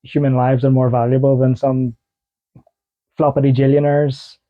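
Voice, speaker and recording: A man's voice: mid-range voice, level tone, moderate pace. A man co-hosting a casual podcast, telling loose stories and laughing easily. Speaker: podcast co-host. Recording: dull lo-fi podcast audio.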